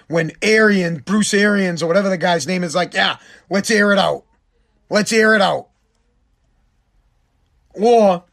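A man with a fairly high voice rants about football in a heated, profane monologue. He is sarcastic and cuts in hard. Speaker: sports commentator. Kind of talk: ranting sports monologue.

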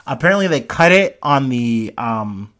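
A man's voice: mid-range voice, expressive, a little slow, fairly bright tone. A young man hosting a casual news commentary, rambling with lots of fillers and frequent swearing. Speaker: commentary host.

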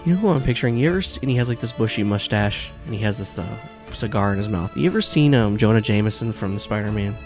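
Narrating as a game master, a man with a rather low, expressive voice talks fast with few pauses. He describes scenes loosely and ramblingly, full of "like" and restarts, while music plays clearly in the background.

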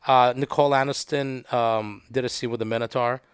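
A man's voice: mid-range voice, brisk, clean tone, dry recording, studio quality. A man who is a guest on a casual podcast, telling stories and acting out the quotes. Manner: animated storyteller who acts out quotes. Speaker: podcast guest, video producer. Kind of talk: casual chat.

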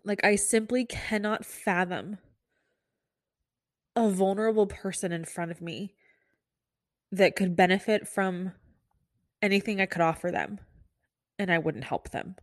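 A woman's voice: medium pitch, a little slow, long pauses, no echo, studio quality. A young adult woman, a nurse hosting her own podcast, talking candidly and casually with lots of fillers and restarts. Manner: candid, chatty, full of likes and restarts. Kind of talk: casual solo podcast talk. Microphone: podcast microphone.

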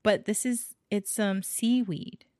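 A woman's voice: medium pitch, steady tone, slow, darkish tone, no echo, studio quality. A woman from Hawaii co-hosting a casual chat, talking freely with fillers and frequent laughter. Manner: chatty, laughs often, trails off with fillers. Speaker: podcast co-host.

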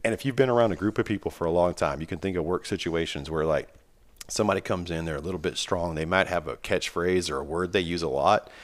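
This man hosts a podcast, talking fast in a low voice as he chats casually on a microphone with headphones on. He rambles and jokes his way through his stories.

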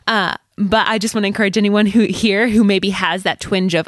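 A woman guest on a podcast, talking earnestly and quickly, speaking straight to listeners with encouragement. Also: mid-range voice, steady tone, no echo, clean studio sound. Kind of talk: heartfelt encouraging talk.

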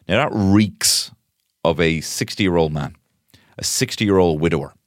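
A man's voice: sits low, unhurried, no room sound, clean studio sound. A man hosting a comic solo podcast, rambling and self-mocking, with frequent swearing. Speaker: podcast host.

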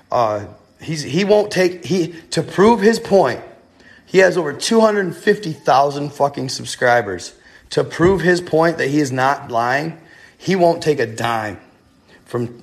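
A man tells a ghost story in a loose, casual way, swearing freely and restarting his sentences often. His voice sits in an ordinary middle pitch. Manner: rambling and profane, with many restarts.

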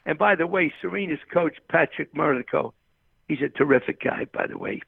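Gravelly older man on a phone line. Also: on the high side, brisk, no room sound. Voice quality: gravelly, husky. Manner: rambling, repeats the host's name often. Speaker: tennis coach, guest. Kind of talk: phone interview, storytelling.

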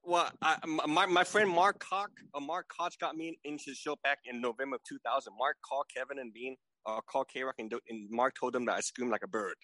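A man's voice: mid-range voice, brisk, few pauses, sharp tone, no echo, low-quality recording. A man in his forties, a podcast guest, who stammers, repeats his words and keeps asking "right?" for agreement. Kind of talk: casual remote chat.

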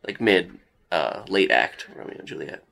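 Low-voiced young man narrating a game. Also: expressive, moderate pace, vocal fry, pushed and bright. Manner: casual, lots of "like" and "uh" fillers. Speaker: game master.

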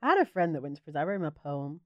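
A woman's voice: sits low, very animated, rapid-fire, a little mellow, no echo, muffled recording. A young woman, wry and teasing in casual chat among friends.

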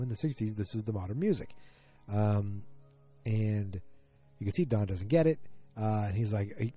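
A man with a lowish, mellow voice retells a TV episode in casual chat. He rambles, trails off and restarts often, with faint music somewhere behind him. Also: slightly rough. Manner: rambling, many fillers and restarts.

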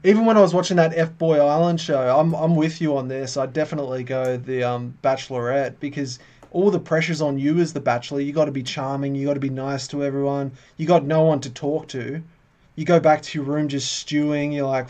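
A man co-hosting a podcast, playful and quick to poke fun at himself. His voice sits a little higher than most men's, and he tells his stories in a loose, chatty way. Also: fairly even intonation, darkish tone. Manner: self-deprecating, playful. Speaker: podcast co-host. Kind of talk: casual podcast banter.

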